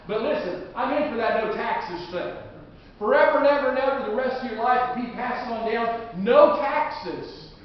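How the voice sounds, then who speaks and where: A man preaching a sermon in a very high voice, folksy and joking but rising to fervent shouts. He is heard from far off in a church sanctuary with heavy, long reverb. The sound is dull and muffled. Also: slight background noise. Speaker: pastor. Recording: echoey hall, distant dull mic.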